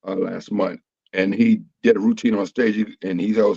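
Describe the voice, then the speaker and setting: A man's voice: fairly low pitch, moderate pace, creaky, a little mellow, husky, no room sound, highs cut off. A man, a comedian, talking casually and rambling with lots of fillers and restarts. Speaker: comedian guest. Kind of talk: casual panel chat.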